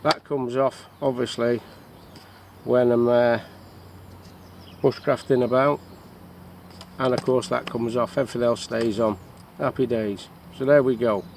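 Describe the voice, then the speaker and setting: A man, mid-pitched and easygoing, walks through the kit on his belt in an unhurried, rambling way. He's outdoors in the countryside, with a faint wash of rural ambience behind him. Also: a little hiss or hum. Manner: relaxed, rambling, with frequent fillers. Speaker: bushcraft vlogger. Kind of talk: casual show-and-tell of gear.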